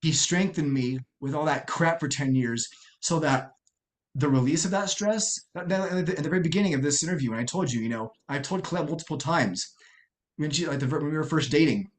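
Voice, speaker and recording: A middle-aged man from the United States, a podcast guest telling a personal story in an earnest, halting way with many restarts. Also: fairly high pitch.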